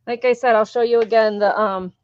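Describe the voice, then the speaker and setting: A woman chatting casually on a live vintage sale stream while showing an item. Her voice is a touch high, recorded dry and a little dull. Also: fairly even intonation, brisk, clean tone, no echo. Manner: casual, easygoing, unsure about pronunciations.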